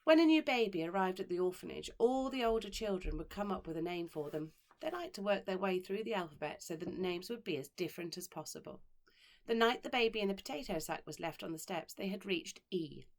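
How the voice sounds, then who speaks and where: Expressive woman teacher reading a story aloud. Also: on the low side. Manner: expressive, dramatic pauses, slows on key words. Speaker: primary school teacher.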